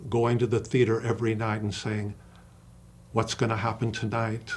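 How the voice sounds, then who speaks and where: A man's voice: fairly low pitch, flat delivery, darkish tone, slight background noise. Passionate older male acting coach. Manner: passionate, emphatic storyteller who acts out quoted dialogue; slow, deliberate stresses on single words. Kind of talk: interview conversation.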